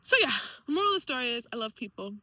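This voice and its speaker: A young woman speaking candidly in a personal vlog, emotional and animated, quoting others in lively voices. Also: fairly high pitch, rapid-fire, no echo, poor audio. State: tearful at times. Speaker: vlogger.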